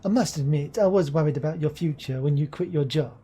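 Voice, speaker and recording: A woman's voice: deep voice, quick pace, dark tone, soft background music, close to an everyday voice. A woman voicing a doting older mother with an odd put-on accent, fussing and calling her child dear and love. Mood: knowing. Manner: fussy, soothing, calls everyone dear and love.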